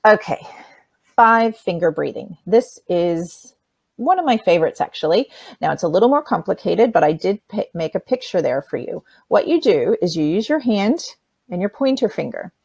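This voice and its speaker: A woman calmly teaching children simple breathing steps in a workshop lesson, speaking plainly and straight to them. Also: lowish voice, moderate pace, gravelly, husky, no room sound. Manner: demonstrates by breathing sounds.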